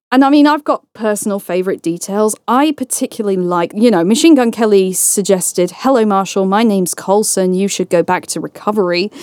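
A woman co-hosting a podcast, talking through songs in lively, analytical chat. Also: medium pitch, no room sound, clean studio sound. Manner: quick, enthusiastic, laughs at her own points. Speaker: podcast co-host. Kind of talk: analytical music discussion.

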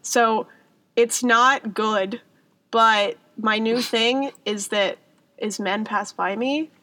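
A woman's voice: a little high, fairly even intonation, pushed and bright, no echo. Laughing young woman podcast co-host. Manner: joking, laughs often, quick asides. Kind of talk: casual chat. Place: booked room that closes for the night.

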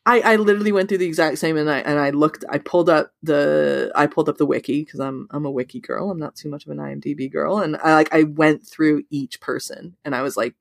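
A woman co-hosting a podcast, chatting casually about a film, with lots of "like" fillers and big pitch leaps when she quotes her own thoughts. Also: fairly even intonation, quick pace, creaky, few pauses, no echo, studio quality. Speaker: podcast co-host. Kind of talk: casual movie discussion.

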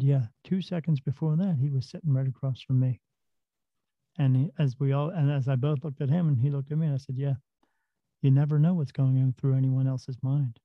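A man's voice: fairly high pitch, gravelly, no echo, highs cut off. A man talking casually and earnestly, telling a story from his work and giving plain-spoken advice with the odd swear word.

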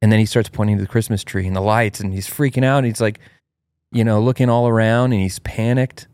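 Low-voiced man telling a story, animated. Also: quick pace, no echo. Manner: animated, acts out his child's cries in a high voice. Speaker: host. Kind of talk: casual storytelling chat.

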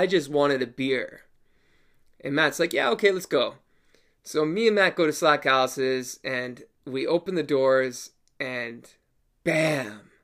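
Animated man telling a bar story. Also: medium pitch, gravelly. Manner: animated, laughs often, swears casually. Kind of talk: casual personal storytelling.

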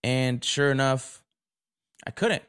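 A man's voice: mid-range voice, takes it slowly, a bit bright, smooth. A young man hosting a podcast, telling stories in a casual, profane, indignant rant into a camera mic. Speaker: podcast host. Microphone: camera recording.

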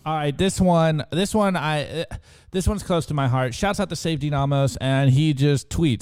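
A man co-hosting a show, running through memes in an excitable, slangy way and directing his co-host. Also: fairly high pitch, moderate pace, smooth. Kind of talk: casual show commentary.

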